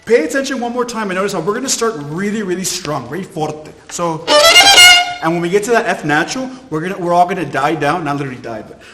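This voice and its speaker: A violin instructor with a high-pitched, animated voice speaks fast during a music lesson, counting in his violin section and explaining dynamics. He's upbeat and encouraging, switches between languages, and is recorded in an echoey room with instruments and music playing.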